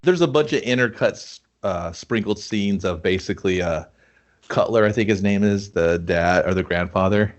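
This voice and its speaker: A man co-hosting a casual movie-review podcast, retelling scenes with profanity and quick impressions. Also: on the low side. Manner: animated, profane, acts out scenes in quick voices. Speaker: podcast co-host.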